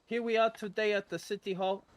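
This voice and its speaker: Man as a bumbling field reporter, high-pitched, halting, full of fillers. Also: fairly even intonation, natural voice. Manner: halting, filler-heavy questioning.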